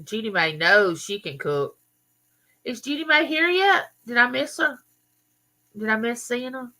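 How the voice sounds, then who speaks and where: A woman's voice: on the high side, sing-song, a little slow, pushed and bright. A woman with a Southern US accent, from Mississippi, hosting a casual live chat and chattily greeting viewers by name. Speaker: livestream host.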